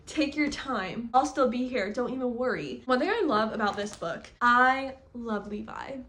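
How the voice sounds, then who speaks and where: A woman's voice: a little high, moderate pace, a bit bright. A young woman gushing through a casual book review vlog, chatty and full of "like" fillers. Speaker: book vlogger.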